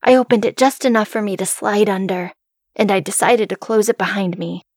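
A woman narrates a first-person horror story in a hushed, suspenseful telling. Her voice sits at an ordinary middle pitch, and the recording is close and dry with no room sound. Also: a little fast, no echo.

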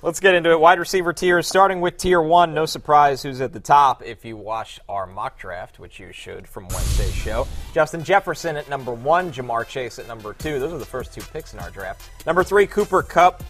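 A man's voice: on the high side, expressive, brisk, hardly any pauses, fairly bright tone, soft background music. Upbeat man leading a podcast segment. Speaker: podcast co-host. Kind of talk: casual sports chat and ad read.

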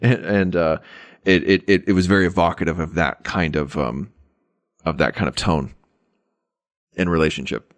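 A man co-hosting a podcast in casual chat, talking haltingly with many restarts. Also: low voice, steady tone, no room sound, studio quality. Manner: hesitant, many restarts and stammers. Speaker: podcast co-host.

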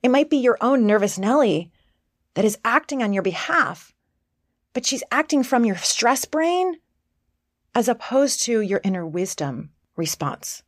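A woman's voice: on the high side, very animated, a little slow, no room sound, studio quality. A woman coach giving a casual self-help talk in a conversational way, sometimes acting out the voices she quotes.

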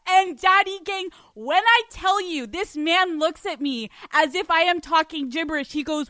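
A young woman hosting a podcast, telling a story in an animated, profane way with lots of laughter. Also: extremely high pitch, moderate pace, few pauses, no room sound. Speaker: podcast host. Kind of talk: storytelling monologue.

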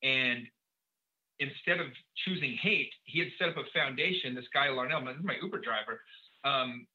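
A man, a guest on a podcast, telling a personal story in a quick, animated way, full of fillers and acted-out dialogue. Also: mid-range voice, muffled recording.

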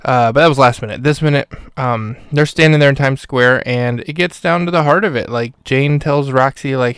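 A male podcast host talks through a film review in a loose, rambling way, full of fillers and restarts. His voice is smooth and clear at an ordinary pitch. The microphone sits close in a dry, dead space. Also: moderate pace, hardly any pauses, a bit bright, dry recording. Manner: rambling, filler-heavy, self-correcting. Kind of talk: casual spoken review.

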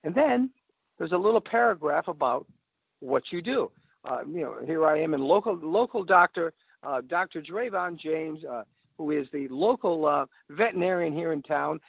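A man giving rambling, animated advice as a radio guest on a phone line. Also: a little high, normal speed, vocal fry, husky, no echo. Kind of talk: casual advice talk. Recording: tinny phone line, dry.

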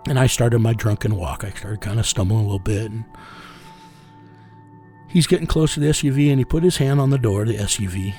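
A man's voice: lowish voice, a little fast, dark tone, faint music behind. A man telling a story in an interview, bluntly and with a lot of swearing, often quoting what he said. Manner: blunt, profane, quotes himself often. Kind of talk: casual storytelling.

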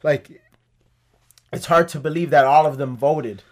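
A man's voice: a little high, measured pace. A man co-hosting a podcast in casual chat, blunt and profane, with lots of "like". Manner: blunt, profane, says "like" and "you know what I'm saying" often. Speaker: podcast co-host.

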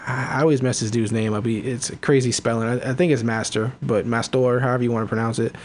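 Man, podcast host, fast rambling chat, lots of fillers. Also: medium pitch, steady tone, darkish tone. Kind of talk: casual fantasy football chat.

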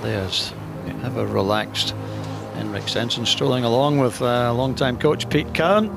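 A man's voice: medium pitch, a little slow, gravelly. A man commentating on golf, chatting and setting up the final-round duel. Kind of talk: broadcast commentary. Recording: loud crowd and music behind.

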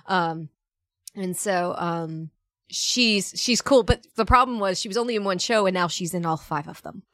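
A young woman, a voice actress, chatting casually on a podcast and telling stories in a lively, animated way. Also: lowish voice, normal speed, no room sound. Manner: chatty, animated storytelling with laughs. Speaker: voice actress, guest.

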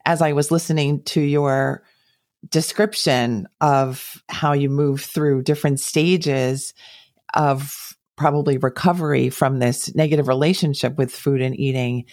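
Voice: mid-range voice, fairly even intonation, a little mellow, no room sound. Thoughtful host with a dry close sound. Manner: thoughtful, measured, summarizing. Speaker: podcast host. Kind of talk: conversational interview reflection.

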